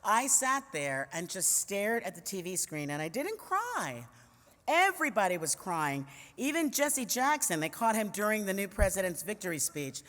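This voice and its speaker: Her mid-range voice swings widely in pitch, at normal speed and with a fairly bright tone. A New Yorker in her fifties, she is a commentator and conference speaker giving a humorous personal storytelling talk in a large conference hall, full of wit, casual chat and playful asides. The hall adds long reverb.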